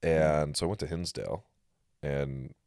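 A man with a strikingly deep voice chats through a rambling story, loose and profane. The sound is dry and close. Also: fairly even intonation, a little slow, vocal fry, darkish tone, smooth, no echo. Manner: rambling storyteller, swears freely. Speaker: podcast host. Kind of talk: casual chat.

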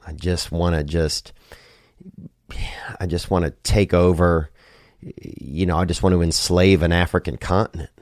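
Male podcast host, very low voice, loose drawling delivery, dry close sound. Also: steady tone, a little slow, pauses often, darkish tone, no room sound. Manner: loose, drawling, joking, swears casually. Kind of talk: casual rambling podcast talk.

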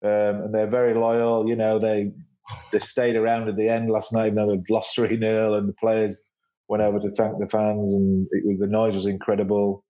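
A man talking football in a casual chat, animated in his delivery. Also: on the low side, normal speed. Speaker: football pundit.

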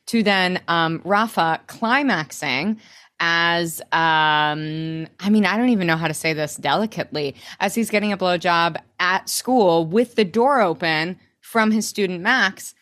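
A woman's voice: on the low side, a bit bright. A young woman co-hosting a podcast, rambling and swearing through a casual episode recap with plenty of laughs. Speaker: podcast co-host.

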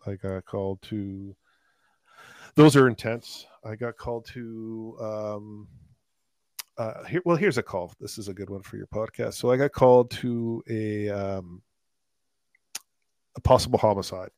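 A man, a paramedic, telling a long call story in a casual, animated way, with many fillers. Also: fairly low pitch, unhurried, dry recording. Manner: animated, laughing anecdotes with filler words. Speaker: paramedic guest.

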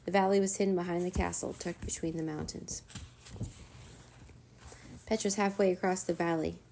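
Low, gravelly woman reading a storybook. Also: moderate pace, a little hiss or hum. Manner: steady, even read-aloud narration. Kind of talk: reading a children's chapter book aloud.

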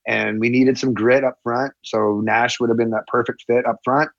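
A man telling a casual locker-room story, jumping high whenever he acts out what others said. His voice sits at an ordinary pitch, dry and close, with a slightly dull tone. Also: normal speed, gravelly, dry recording. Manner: animated, acts out quotes with a raised voice. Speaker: former hockey player.

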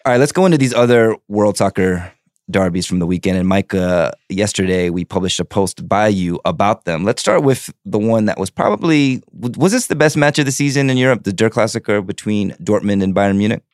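A young man with a notably deep voice co-hosts a casual sports chat. He talks loosely, leans on "like" and drops the odd swear word. The sound is dry and close. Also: fairly quick, no room sound. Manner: relaxed, chatty, swears casually, frequent "like". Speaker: podcast co-host.

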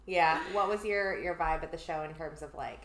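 A woman's voice: low voice, normal speed, fairly bright tone, roomy sound, a little hiss or hum. A young woman co-hosting a podcast, mostly listening and reacting with short comments and laughs. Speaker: podcast co-host. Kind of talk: casual chat.

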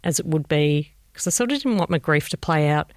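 Gravelly-voiced Australian mother, reflective. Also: sits low, lively intonation, fairly quick, no room sound, clean studio sound. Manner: reflective, gentle, re-enacts conversations. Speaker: bereaved mother telling her story. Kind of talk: personal recollection, interview.

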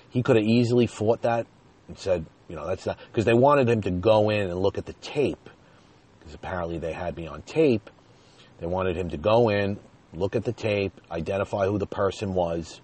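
A man with a low, husky, mellow voice tells a personal story straight to his viewers. His delivery is chatty and casual, with a chuckle slipping in here and there. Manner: chatty, addresses viewers directly, chuckles while telling.

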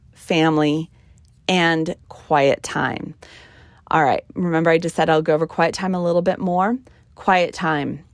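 A woman's voice: lowish voice, no room sound. A middle-aged woman hosting a podcast in a casual, emphatic, chatty way, with frequent ums. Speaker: podcast host. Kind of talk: casual solo podcast talk.

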